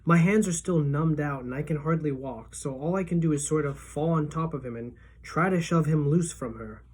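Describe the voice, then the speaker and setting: A teacher reading a novel aloud in steady first-person narration for a middle school class. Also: female voice, deep voice, moderate pace, slightly rough.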